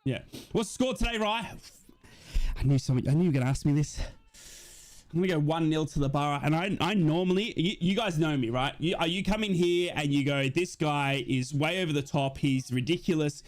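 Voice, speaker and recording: A man hosting a football watch-along stream, casually chatting and reading out viewer messages in a rambling, excitable way. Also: fairly high pitch, fairly quick.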